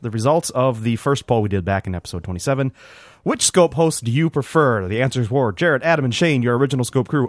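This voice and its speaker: A man's voice: medium pitch, no echo, clean studio sound. Man reading podcast segments upbeat. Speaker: podcast co-host. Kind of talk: casual chat.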